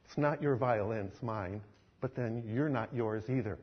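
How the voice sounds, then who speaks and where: A man voicing a calm, commanding Jesus, speaking low, hushed and solemn, in a sermon story. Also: normal speed, slightly rough, dull audio, close to an everyday voice. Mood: tender, solemn.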